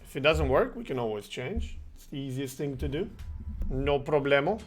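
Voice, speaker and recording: A man from Croatia chatting casually while streaming a game, animated and joking, swearing and laughing often. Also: mid-range voice, moderate pace, faint music behind. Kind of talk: casual gameplay chat with chat replies.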